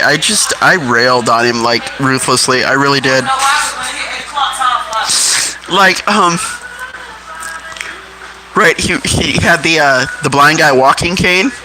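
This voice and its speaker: A man telling crude, mocking comic stories in an animated way. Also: a little high, noisy background. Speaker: storyteller. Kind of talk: comic storytelling.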